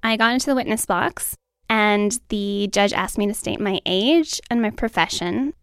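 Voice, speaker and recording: A woman's voice: medium pitch, moderate pace, clear, resonant tone, dry recording, studio quality. A woman telling a personal story of being chosen as a juror, in a conversational way. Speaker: juror recounting her story.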